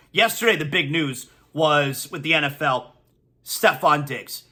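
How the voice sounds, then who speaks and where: A man's voice: sits high, bright, forceful tone. A man hosting a sports talk show, ranting emphatically and repeating his punchlines for effect. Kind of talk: opinionated sports talk monologue.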